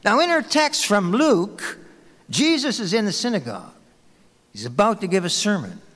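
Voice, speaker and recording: A man's voice: sits high, sing-song, normal speed, long reverb tail. A man preaching a sermon as a pastor, telling anecdotes in a conversational way to his congregation. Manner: storytelling, conversational, warm anecdotes.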